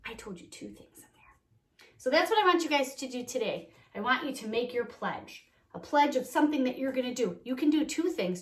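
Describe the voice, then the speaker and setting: A young woman teaching a remote lesson to small children, cheerful and encouraging, speaking slowly and clearly. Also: on the high side. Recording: echoey room.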